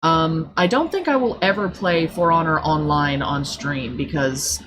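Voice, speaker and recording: A woman livestreamer telling a story in casual chat, blunt and profane, with animated delivery. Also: low-pitched, measured pace, few pauses, noisy background.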